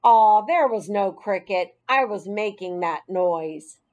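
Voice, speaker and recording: A woman's voice: mid-range voice, animated, slow pace, darkish tone, dull audio. A woman voicing a mischievous schoolboy in an audiobook, with a cheeky, raised voice. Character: mischievous joking schoolboy, about ten. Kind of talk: audiobook character voice.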